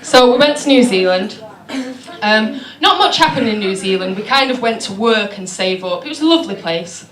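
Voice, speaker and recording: A woman's voice: mid-range voice, lively intonation, normal speed. Young Mancunian woman doing stand-up. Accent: Manchester. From Manchester, England. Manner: chatty, self-deprecating storytelling with lots of fillers. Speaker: stand-up comedian. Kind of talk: stand-up comedy set. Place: comedy club stage. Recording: echoey venue with audience laughter. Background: crowd laughing.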